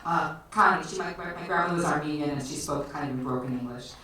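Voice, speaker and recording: A woman's voice: low voice, fast, pushed and bright. A woman from the Chicago area telling a personal story on stage at a storytelling night, chatty and laughing often, with lots of fillers. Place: storytelling night at a bar venue. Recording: echoey live room, distant mic, faint noise.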